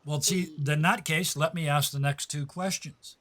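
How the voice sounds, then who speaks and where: A man running a tabletop game as game master, playful and quick to laugh, often stopping to correct himself. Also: fairly high pitch, fairly even intonation, fairly bright tone.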